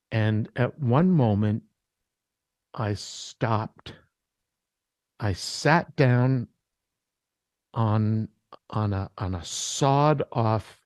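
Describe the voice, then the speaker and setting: A man shares a personal testimony in an interview, unhurried and reflective, often stopping to restart a phrase. His voice is emotional, close to tears, and sits at an ordinary pitch. The sound is dry and close, with no room echo. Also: a little mellow. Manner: slow, reflective, halting with restarts. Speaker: interview guest, worship artist.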